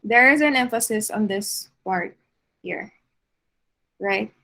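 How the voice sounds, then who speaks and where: Slow-paced woman lecturing on art. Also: mid-range voice, creaky, bright, forceful tone, low-quality recording. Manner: unhurried, many fillers and restarts.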